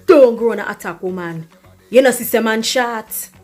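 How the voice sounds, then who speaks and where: A woman's voice: fairly high pitch, moderate pace, a little mellow, faint music behind, natural voice. A woman voicing a blunt, unbothered young Jamaican woman in a comedy skit, lecturing in a patois-laced, dismissive way.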